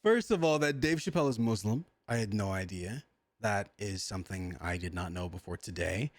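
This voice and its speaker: Brief: man streamer, dry close sound, excitable slang-heavy reaction chat. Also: sits low, normal speed, no echo. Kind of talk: livestream reaction commentary.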